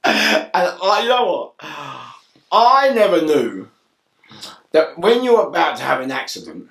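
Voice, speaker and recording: Gravelly london guy spinning a mad story, voice all over the place, sharp edge, roomy far-off sound. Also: high voice, moderate pace. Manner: excitable, laughs and shouts mid-story. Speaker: interview guest. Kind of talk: animated storytelling.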